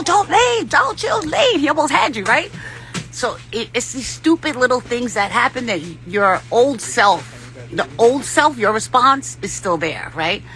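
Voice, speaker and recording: A woman's voice: mid-range voice, sharp tone. A woman vlogger giving rambling, profane spiritual advice in a casual talk, often laughing.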